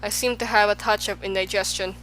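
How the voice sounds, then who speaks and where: A woman's voice: mid-range voice, steady tone, a little fast, a bit bright, a little hiss or hum, natural voice, poor audio. A woman voicing a pompous, wordy male humbug bug in an audiobook, talking in flowery, fussy phrases. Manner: flowery, fussy, agrees with everyone. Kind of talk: audiobook character voice.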